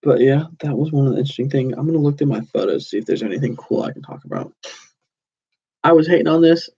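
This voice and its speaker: A man's voice: medium pitch, fast, creaky, mellow, husky, muffled recording. A young man in his twenties hosting a casual solo podcast, rambling through stories with lots of "like"s and self-corrections. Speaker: podcast host.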